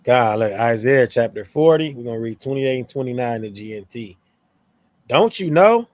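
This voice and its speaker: A man co-hosting a scripture talk in a relaxed, slangy way, switching into playful tones when he quotes. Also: medium pitch, normal speed, no echo. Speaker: co-host of a scripture show. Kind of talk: casual religious discussion.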